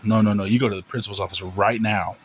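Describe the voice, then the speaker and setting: A man's voice: on the low side, steady tone, fast talker, slight background noise, natural voice. A shocked, strict schoolteacher played by a man, scolding firmly and repeating herself. The voice stays close to the teller's own.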